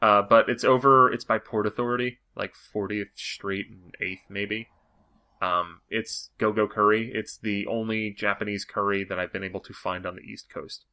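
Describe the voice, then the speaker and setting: A man's voice: lowish voice, steady tone, bright, forceful tone. A man hosting a podcast in casual chat, rambling along with many "like" fillers. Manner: rambling, fast, full of "like" fillers. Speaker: podcast host.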